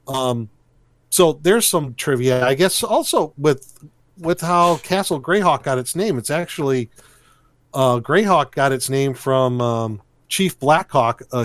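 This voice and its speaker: A man's voice: mid-range voice, no room sound. A man co-hosting a podcast, chatting casually about a tabletop game setting, rambling with frequent restarts and easy laughs. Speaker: podcast co-host.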